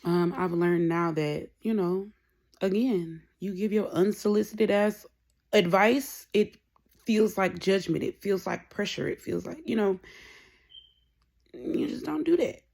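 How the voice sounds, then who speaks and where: A young woman talking candidly in a rambling personal vlog, often dropping to a soft whisper. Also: medium pitch, steady tone, a little slow, vocal fry. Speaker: vlogger.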